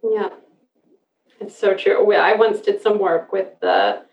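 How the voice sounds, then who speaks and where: A woman hosting a casual podcast conversation, chatty and quick to laugh, often restarting her sentences. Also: mid-range voice, fairly even intonation. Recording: roomy, distant, dull sound.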